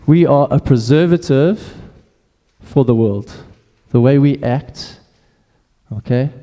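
A man's voice: mid-range voice, slow pace, mellow, big-room sound. A man preaching a sermon in a casual, conversational way, often restarting his phrases.

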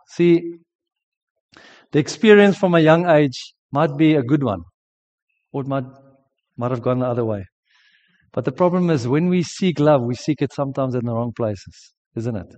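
A South African pastor with a medium-pitched, slightly mellow voice preaches in a chatty, story-driven manner, full of restarts. The sermon is captured as a dull lo-fi recording.

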